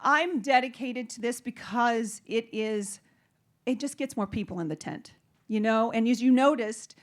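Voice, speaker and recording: A woman's voice: fairly high pitch, a little slow. A woman speaking on a panel, telling a personal story in a rambling, nervous way with many false starts. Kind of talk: casual personal talk on stage.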